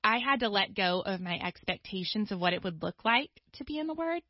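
A woman, a guest author, telling stories in a casual conversation with lively asides. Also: mid-range voice, no echo. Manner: lively storytelling with quick asides. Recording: dull dry studio sound.

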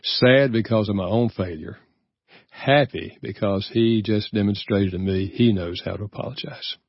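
A man's voice: on the low side, moderate pace, highs cut off. An older man, a guest author, telling a personal story in an earnest, reflective way during a radio interview. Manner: earnest, reflective, easy chuckles.

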